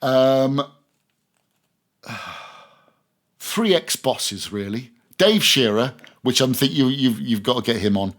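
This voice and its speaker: A man's voice: medium pitch, animated, slow pace, pauses often, fairly bright tone. A middle-aged man, a radio presenter, chatting as a podcast guest and telling stories with lots of restarts. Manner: rambling storyteller, many restarts. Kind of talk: casual interview chat.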